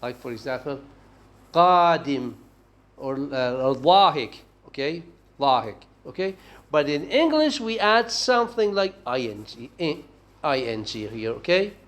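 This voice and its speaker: A man giving a university linguistics lecture, talking haltingly and often checking in with "okay?". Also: fairly high pitch, very animated, a bit bright. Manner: slow, halting delivery with frequent "okay?" checks and restarts.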